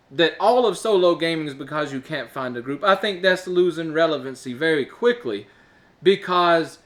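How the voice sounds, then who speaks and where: Chatty congested man, high voice. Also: a bit bright. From Alabama, US. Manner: rambling, chatty, with filler uhs and laughs. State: stuffed-up nose, congested. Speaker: show host. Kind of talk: casual solo talk to camera.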